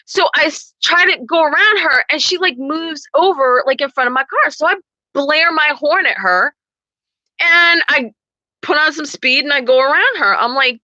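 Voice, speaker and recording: A young adult woman telling a story to camera in a profane, animated way. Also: high-pitched, normal speed, no echo, dull audio. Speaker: vlogger. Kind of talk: casual storytelling.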